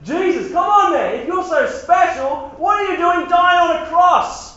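A man's voice: extremely high pitch, animated, a little slow, sharp tone, echoey room, highs cut off, pitched above the performer's own voice, heavily acted. A man voicing jeering male rulers who mock a dying man in a taunting, sing-song way.

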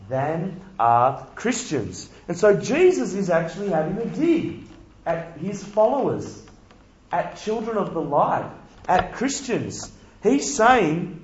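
A man's voice: high-pitched, big pitch swings, slow pace, heavy reverb, highs cut off. A man giving a conversational sermon full of rhetorical questions. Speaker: preacher.

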